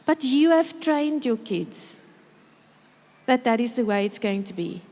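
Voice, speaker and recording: A middle-aged woman giving a lively, humorous parenting talk in a large church auditorium, acting out parents and children as she speaks. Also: on the high side, a little slow. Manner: lively, humorous storytelling, mimics parents and kids. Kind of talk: conference talk with acted-out quotes. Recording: reverberant hall.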